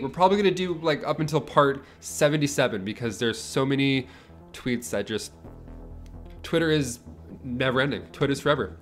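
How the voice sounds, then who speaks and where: A man's voice: mid-range voice, normal speed. Sarcastic young man with music behind. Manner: joking, sarcastic, swearing. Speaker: host. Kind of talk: casual reaction commentary.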